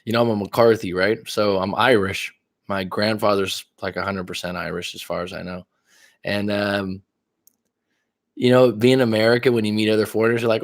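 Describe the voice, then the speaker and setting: A man's voice: lowish voice, fairly even intonation, brisk, creaky. A man from California hosting a casual coaching livestream, rambling and chatty, swearing now and then. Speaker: life coach livestream host.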